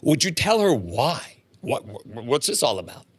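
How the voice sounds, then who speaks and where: A man's voice: on the high side, normal speed, breathy edge. A middle-aged man telling stories as a podcast guest, acting out the dialogue in them. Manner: animated storyteller acting out dialogue. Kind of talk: casual storytelling.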